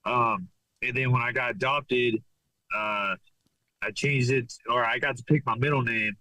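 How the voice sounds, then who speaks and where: A man from Los Angeles, a fighter, being interviewed as a podcast guest and speaking in a laid-back, halting way with lots of repeated words. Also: mid-range voice, fairly even intonation, sharp tone, dry recording, low-quality recording. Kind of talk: casual interview chat.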